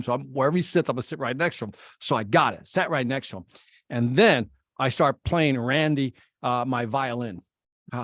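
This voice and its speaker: A middle-aged man from Chicago, a guest telling an animated story in an interview and acting out the exchanges he quotes. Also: medium pitch, dry recording, studio quality. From Chicago, United States. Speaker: guest speaker.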